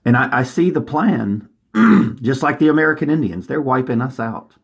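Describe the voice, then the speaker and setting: A man's voice: mid-range voice, sing-song, normal speed, gravelly, husky. A man delivering an urgent, agitated monologue from home, often restarting his sentences. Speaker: vlogger. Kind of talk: rambling monologue to camera.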